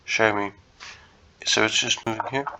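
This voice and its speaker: A chess content creator thinks aloud casually while solving puzzles, muttering to himself, hesitating and correcting himself. His voice is fairly low with a steady tone and moderate pace, over a noisy background.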